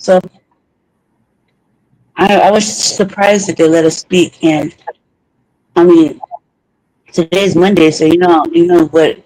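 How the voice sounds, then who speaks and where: A man's voice: on the high side, a little mellow, low-quality recording. A man co-hosting a podcast, talking in a heated, profane, rambling way with frequent restarts. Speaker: podcast co-host. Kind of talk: heated casual talk.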